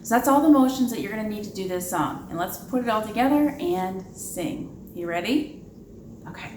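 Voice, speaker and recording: A woman's voice: mid-range voice, expressive, normal speed. Upbeat woman leading preschool storytime. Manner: upbeat, talks to young children, asks questions. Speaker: children's librarian. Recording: echoey room with background noise.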